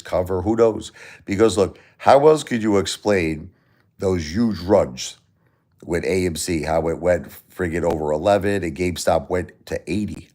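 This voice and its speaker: A man's voice: low voice, darkish tone. A middle-aged man hosting a casual livestream, talking bluntly, swearing freely and asking rhetorical questions. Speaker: livestream host. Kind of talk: casual livestream talk about stocks.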